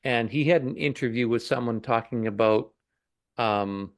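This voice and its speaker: Man, podcast guest, gravelly voice, dry close sound, hesitant reflective delivery. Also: medium pitch, moderate pace, dry recording. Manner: thoughtful, hesitant, many fillers. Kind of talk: casual conversational podcast.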